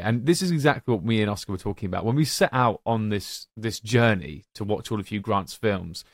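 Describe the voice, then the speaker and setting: A man's voice: on the low side, normal speed, few pauses, no echo, clean studio sound. Young man hyping films with showman flair. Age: young adult. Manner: animated, showman-like addresses to listeners. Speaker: podcast co-host. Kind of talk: enthusiastic film-ranking chat.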